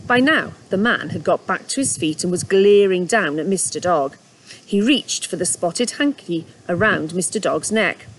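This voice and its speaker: Storyteller woman reading a children's book at home, lively pitch, faint hiss behind. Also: normal speed. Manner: warm, expressive storybook narration with asides.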